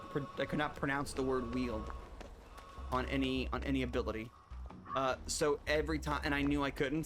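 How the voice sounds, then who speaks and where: Rambling through a video game stream, a man chats casually with his viewers, breaking off to restart or add side remarks. His voice sits in the mid-range with a fairly bright tone, and the talk is relaxed gameplay commentary.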